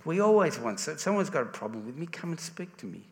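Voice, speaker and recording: A man's voice: a little high, very animated, fast talker, gravelly. An Australian man giving a sermon in a conversational way, often restarting his sentences. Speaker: preacher. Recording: reverberant church hall.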